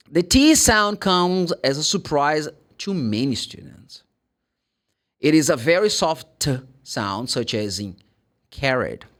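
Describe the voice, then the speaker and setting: A man from Brazil with a Brazilian Portuguese accent, teaching English pronunciation in a casual, animated way, acting out little dialogues and spelling words letter by letter. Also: fairly high pitch.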